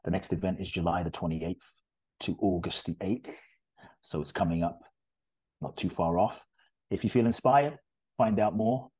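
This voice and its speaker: Deep husky earnest storyteller man. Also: normal speed, long pauses, no room sound. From Ghana. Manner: earnest, animated storyteller with restarts. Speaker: guest, spiritual teacher. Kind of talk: storytelling in a podcast interview.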